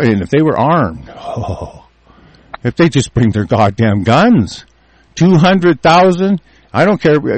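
A man's voice: fairly high pitch, dry recording. Furious swearing man, dry close sound. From United States. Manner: furious, profane, shouting, repeats and restarts. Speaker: ranting commentator. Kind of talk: profane angry rant.

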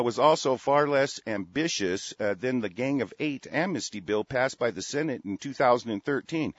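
A man hosting a talk radio show, ranting angrily and profanely, swinging from shouting to muttering. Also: mid-range voice, dry recording. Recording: dull, dry lo-fi radio audio.

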